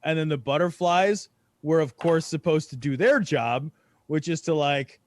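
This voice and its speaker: High-voiced man telling a rambling story. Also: moderate pace, no echo. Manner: rambling storyteller, breaks into laughter. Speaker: podcast co-host. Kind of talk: casual comedic chat.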